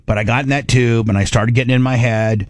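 A man's voice: mid-range voice, fairly even intonation, quick pace, background noise. A middle-aged man hosting a radio show, telling a story in casual on-air chat with frequent restarts, acting out his own panicked inner voice.

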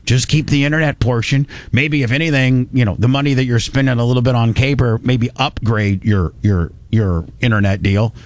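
A man's voice: medium pitch, a little fast, hardly any pauses, no room sound. A man hosting a radio talk show, rambling and joking, often correcting himself mid-sentence. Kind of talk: casual talk radio with ad reads.

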